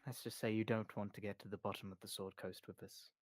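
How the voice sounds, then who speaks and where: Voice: low-pitched, level tone, fast, no room sound, clean studio sound, voice pushed down. A game master voicing a guarded woman guild boss. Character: cool, guarded woman who heads a smuggling guild. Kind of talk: tabletop role-play.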